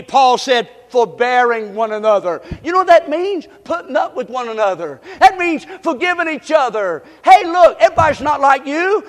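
A pastor preaching fast, swinging from shouted lines to quiet asides to his congregation. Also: extremely high pitch, long reverb tail. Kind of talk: energetic sermon.

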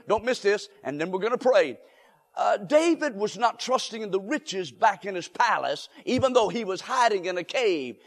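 A male pastor preaching a sermon, building to emphatic shouts and leading the congregation in call and response. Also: high voice. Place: church sanctuary. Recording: long hall reverb.

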